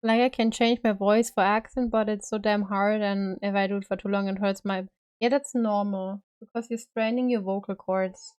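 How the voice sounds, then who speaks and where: A woman's voice: mid-range voice, steady tone, normal speed, a little mellow, smooth. A woman live-streaming as she paints a figure, talking in a loose, rambling way full of fillers and casual swearing.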